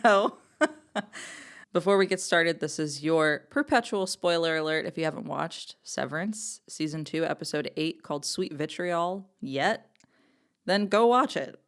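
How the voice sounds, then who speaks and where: A woman co-hosting a casual podcast, her voice among the lowest for a woman. She is chatty and giggles often, her talk full of fillers. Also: measured pace. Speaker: podcast co-host.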